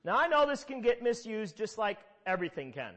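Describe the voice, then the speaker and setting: High-voiced pastor in a hall. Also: male voice, big pitch swings, fairly quick, fairly bright tone. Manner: conversational storytelling with emphatic repetitions. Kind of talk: sermon. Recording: long hall reverb.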